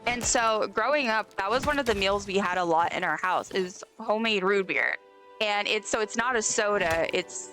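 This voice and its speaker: A woman's voice: mid-range voice, vocal fry, a bit bright. A young woman from the States, chatting casually and rambling with lots of fillers while she plays a game on a live stream. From Southern United States.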